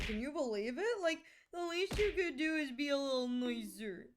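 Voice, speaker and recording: A woman's voice: high-pitched, expressive, normal speed, few pauses, background noise. A sick woman streamer chatting casually and playfully, reading her chat aloud.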